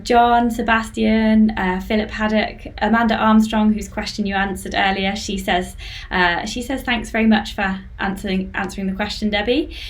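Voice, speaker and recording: A woman hosting a live-streamed interview on a video call, chatty and warm in her words as she reads out viewer comments. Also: mid-range voice. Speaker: podcast host.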